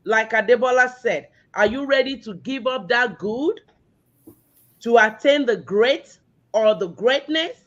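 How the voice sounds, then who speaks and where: A woman giving a slow, encouraging motivational message that repeats its key words, over lo-fi call audio. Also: a little high, animated. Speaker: guest speaker. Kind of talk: motivational talk.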